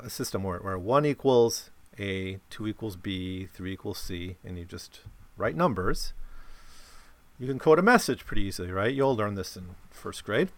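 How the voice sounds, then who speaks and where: A man's voice: fairly low pitch, no room sound. A man giving a casual explanatory talk about a novel, often checking in with listeners by asking "right?". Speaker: lecturer on a novel.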